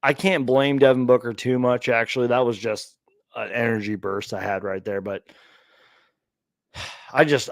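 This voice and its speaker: A man's voice: lowish voice, steady tone, normal speed, no echo. A man hosting a sports channel, ranting live and reacting to clips with exasperated sighs. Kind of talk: late-night live rant reacting to clips.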